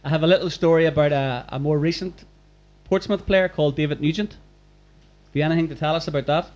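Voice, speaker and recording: A man's voice: on the high side, a little fast, a little mellow, highs cut off. A man hosting a live podcast recording in front of a room, chatty and encouraging with questions. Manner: upbeat, chatty, prompting questions. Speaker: podcast host. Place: packed function room.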